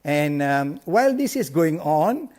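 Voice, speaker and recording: A man's voice: on the high side, measured pace. A middle-aged man, coaching insurance agents in an emphatic, motivational live talk. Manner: energetic, emphatic, repeats key lines.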